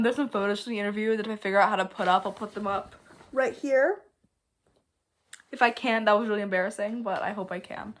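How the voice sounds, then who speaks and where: A young woman hosting a casual vlog, chatty and playful, often mocking herself and jumping between loud and soft. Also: medium pitch. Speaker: video host.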